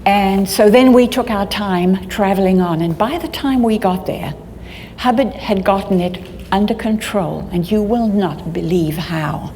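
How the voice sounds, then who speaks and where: A woman's voice: medium pitch, darkish tone. Older woman telling her story in a hall. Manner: halting, with frequent restarts. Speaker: conference speaker. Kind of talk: personal storytelling talk. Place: conference hall. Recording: long hall reverb, faint background noise.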